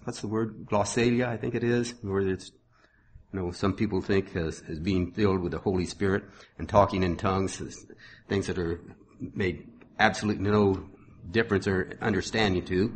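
A man's voice: deep voice, fairly even intonation, moderate pace, a little hiss or hum. A middle-aged man preaching a sermon, reading scripture with rising force and breaking into folksy asides.

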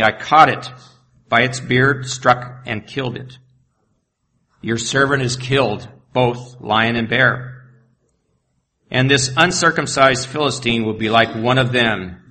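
A man's voice: medium pitch, pushed and bright. A man preaching, reading Bible verses aloud and adding plain, conversational asides. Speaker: pastor. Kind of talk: sermon with scripture reading.

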